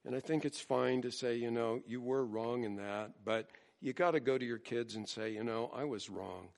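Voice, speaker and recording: A pastor preaching a sermon in an earnest, emphatic way, slowing down dramatically on scripture. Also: male voice, mid-range voice, creaky.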